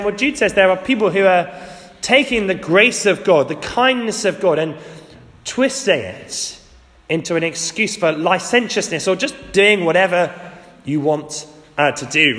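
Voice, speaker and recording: Male preacher, slightly high voice, chatty and wry, long church reverb. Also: measured pace, fairly bright tone. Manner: conversational, lightly humorous, acts out quotes. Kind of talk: sermon.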